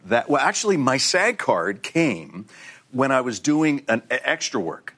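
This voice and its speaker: A man in his sixties, a guest actor on a talk show, telling anecdotes in a relaxed way. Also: medium pitch, measured pace. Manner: relaxed storyteller, acts out voices in anecdotes. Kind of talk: anecdotal interview chat. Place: TV studio with live audience.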